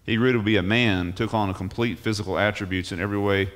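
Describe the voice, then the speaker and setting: A man's voice: on the low side, fairly even intonation, fast. Man preaching an emphatic sermon. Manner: emphatic, rising on key phrases, restarts words. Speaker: pastor. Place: church.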